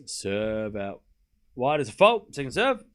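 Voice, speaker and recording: A man's voice: medium pitch, very animated, fairly bright tone. Man calling tennis live. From Australia. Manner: calls each shot in quick running bursts, then chats casually with viewers. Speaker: stream host and tennis commentator. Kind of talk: live play-by-play tennis commentary on a stream.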